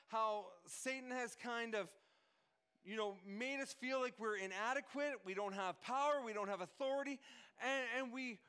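A man's voice: very high voice, pushed and bright, smooth. A man preaching a sermon as pastor, talking earnestly and often restarting his phrases. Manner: earnest, repeats and restarts phrases, lists names.

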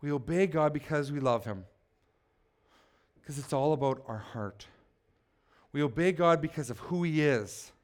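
A man's voice: on the high side, unhurried, long pauses. A man preaching a sermon as pastor, speaking emphatically and asking the congregation questions.

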